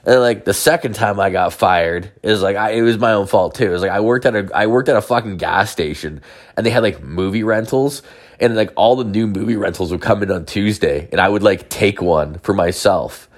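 Man, very deep voice, casual crude storytelling, rambling, heavy swearing. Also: brisk. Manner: crude, rambling, constant filler words and swearing.

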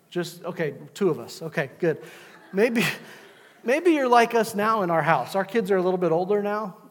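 A middle-aged pastor preaches to his congregation, pressing his points home by repeating them. His voice sits high for a man. The sound rings with the long reverb of a church hall. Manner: preaching, repetitive exhortations. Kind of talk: sermon. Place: church sanctuary.

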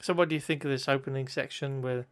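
A man's voice: mid-range voice, steady tone, fast talker, clean tone. A man co-hosting a casual podcast, recapping a film plot in a wry, chatty way with plenty of ums.

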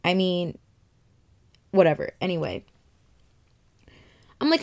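A woman's voice: fairly low pitch, unhurried, creaky, pauses often. Young woman, casual storytime, lots of swearing, acts out what she said. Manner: profane, animated, acts out her own reactions.

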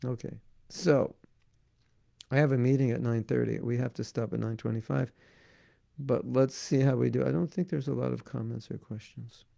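Gravelly, mellow-voiced man teaching devotion. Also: medium pitch, steady tone, moderate pace, no echo, clean studio sound. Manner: earnest, repetitive build-ups, frequent "you know". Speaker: spiritual teacher. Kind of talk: devotional talk with reading of viewer questions.

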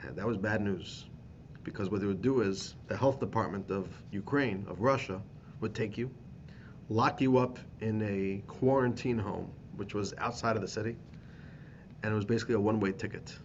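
A man, a rabbi teaching a class, telling a story with animated emphasis and repeated phrases. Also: on the low side, normal speed, highs cut off, slight background noise. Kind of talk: storytelling lesson.

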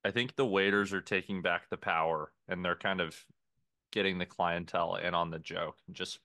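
Young male podcast co-host, animated storyteller who laughs mid-sentence; low-set, bright voice, dry sound. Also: normal speed, no room sound. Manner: animated storyteller, laughs through his anecdotes. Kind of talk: casual chat.

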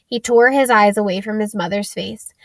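A woman narrating an audiobook chapter in a gentle, steady storytelling voice. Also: medium pitch, normal speed, dry recording. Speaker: audiobook reader.

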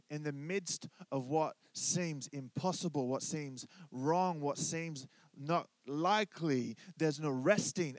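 Male pastor, relaxed joking sermon, dry close-miked voice. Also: on the high side, no room sound. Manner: conversational, joking, asks congregation to respond. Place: church.

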